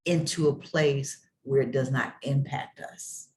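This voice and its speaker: An emphatic motivational speaker who delivers the talk like a sermon. The voice sits in a middle pitch and builds through rhythmic, repeated refrains, with rhetorical calls out to the audience. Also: steady tone, unhurried.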